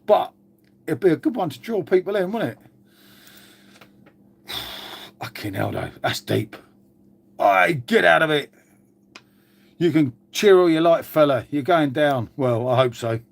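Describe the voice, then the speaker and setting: Brief: man, casual live-stream host, gutted and sweary, voice sits a touch high. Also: lively intonation, normal speed, gravelly, long pauses, darkish tone. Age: older. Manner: glum, swears often, addresses viewers as mate. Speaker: channel host. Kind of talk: casual live chat to viewers.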